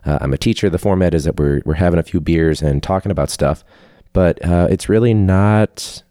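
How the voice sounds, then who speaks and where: Deep, mellow-voiced man ranting casually. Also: normal speed, dry recording, clean studio sound. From Chicago area. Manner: rambling, candid, profane, with frequent fillers. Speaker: podcast host, teacher. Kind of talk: casual solo podcast chat. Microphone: phone hooked up to a video call.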